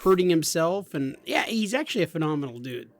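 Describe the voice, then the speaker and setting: Brief: middle-aged male co-host, high voice, joking and teasing, dry close sound. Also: sing-song, fairly quick, no room sound. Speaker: podcast co-host. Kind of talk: casual gaming podcast chat.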